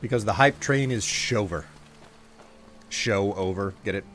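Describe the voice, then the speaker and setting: A man's voice: lowish voice, a little slow, fairly bright tone, a little hiss or hum. A man streaming live, chatting casually and joking while he thanks viewers.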